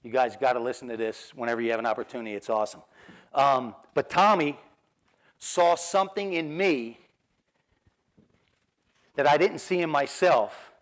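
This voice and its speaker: Giving a keynote, this middle-aged man with a New Jersey accent shares stories from his own life, performing the dialogue and laughing a lot. He speaks at an ordinary pace in a medium pitch, pausing often. He is a motivational speaker.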